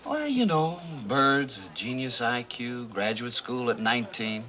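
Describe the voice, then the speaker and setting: A man's voice: mid-range voice, sing-song, a little slow, pushed and bright, rough recording. A man playing a young reporter who makes dry, teasing wisecracks, in 1950s film acting on an old soundtrack.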